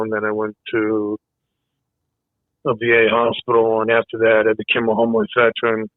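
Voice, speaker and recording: A man who is a veteran, speaking as a guest in a casual interview, halting and soft-spoken with many pauses. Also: on the low side, no room sound. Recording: thin phone-like line, dry.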